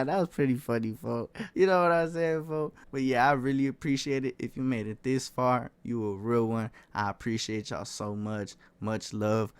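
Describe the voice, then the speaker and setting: Young man, casual storytime vlog, slangy animated delivery, dry close mic. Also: medium pitch, smooth, no echo. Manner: slangy, animated storytelling with frequent "folk" and "you know what I'm saying". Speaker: vlogger.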